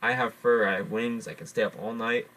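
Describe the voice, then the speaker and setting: A man's voice: fairly low pitch, fairly even intonation, a bit bright, natural voice, poor audio. A man telling of a scheming, boastful brown bat. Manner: halting, repeats words. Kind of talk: oral storytelling.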